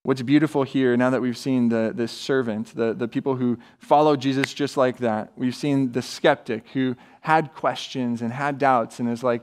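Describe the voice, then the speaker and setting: A man's voice: medium pitch, moderate pace. A man preaching a sermon as a pastor, earnest and acting out quoted voices. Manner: earnest, builds to animated, acts out quoted voices.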